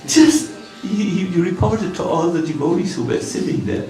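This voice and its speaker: A man's voice: high-pitched, moderate pace, dark tone, reverberant, recorded from a distance, faint music behind. A man with a German accent giving a storytelling sermon as a swami in a temple, acting out the lines of the people in his story. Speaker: swami giving a scripture class. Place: temple hall.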